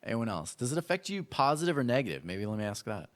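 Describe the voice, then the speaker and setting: A male pastor telling a personal story in a sermon, acting out voices from his childhood with lively animation. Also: mid-range voice, quick pace. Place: church.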